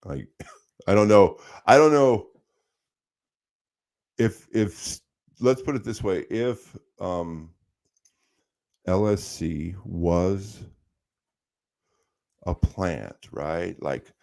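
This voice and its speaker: Slow-talking guy with a low creaky voice, cussing a lot in a loose casual chat. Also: animated, darkish tone. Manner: laid-back, profane, lots of "dude" and "bro".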